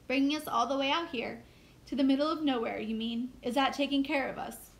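A woman's voice: sits high, steady tone, brisk, creaky. A woman voicing a bored, sulky nine-year-old boy who complains indignantly, read aloud from a novel.

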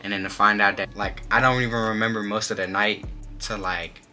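A young man telling a personal story in a casual storytime vlog, animated and slangy, filling his speech with "like". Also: on the low side, a little fast, faint music behind. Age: young adult. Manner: animated, slangy, many filler "like"s. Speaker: vlogger.

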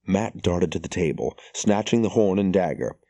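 Deep mellow guy reading an audiobook, steady and measured, super dry close sound. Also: no room sound. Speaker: audiobook narrator. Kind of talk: scripted audiobook narration.

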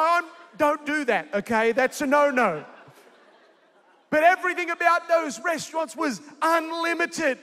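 A man preaching a sermon live in a large convention centre, energetic and jokey, calling out to the crowd. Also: extremely high pitch. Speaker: pastor. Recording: echoey convention hall.

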